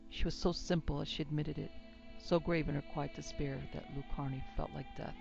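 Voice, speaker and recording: A woman narrating a classic western story in a measured, even reading. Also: deep voice, gravelly, lo-fi sound, music in the background. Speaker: narrator and producer.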